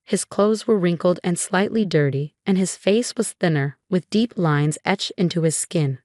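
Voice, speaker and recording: A young adult woman narrating a dramatic first-person story in a steady, scripted way. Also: lowish voice, normal speed, no room sound, studio quality.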